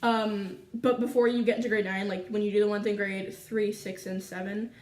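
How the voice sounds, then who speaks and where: A teenage girl from Canada telling a school story to her viewers in a chatty, animated way full of fillers. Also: medium pitch, normal speed, reverberant, far from the mic. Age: teens. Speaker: vlogger. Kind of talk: casual storytime chat.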